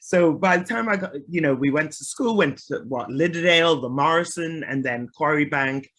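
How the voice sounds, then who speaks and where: A woman from Liverpool with a softened Liverpool accent, a guest musician chatting casually in an interview. She talks easily, laughs often and trails off with ums. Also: deep voice, moderate pace. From Liverpool, England.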